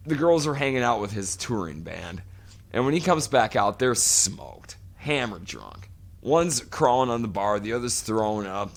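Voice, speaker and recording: A man's voice: lowish voice, vocal fry. A man in his forties co-hosting a podcast, telling a long profane story in casual chat. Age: 40s. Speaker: podcast co-host.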